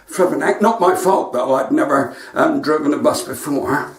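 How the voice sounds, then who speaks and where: A man's voice: fairly high pitch, moderate pace, distant mic. A male stand-up comedian with a West Country English accent, telling cheeky jokes on a live stream from home with asides to his viewers. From West Country, England. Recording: echoey room, voice from off mic.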